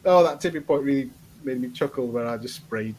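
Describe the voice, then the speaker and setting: A man's voice: medium pitch, fairly quick, darkish tone, a little hiss or hum. A man co-hosting a live advice stream, joking, teasing and laughing at his own puns. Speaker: advice show co-host. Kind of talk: casual live-stream banter. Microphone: webcam on a live stream.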